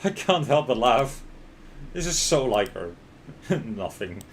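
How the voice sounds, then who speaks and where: A man streaming a game and reading its story aloud, slipping into laughs and panicky outbursts. His voice sits at an average pitch. A faint noise hangs in the background. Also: big pitch swings, slow. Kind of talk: reading a visual novel aloud while playing.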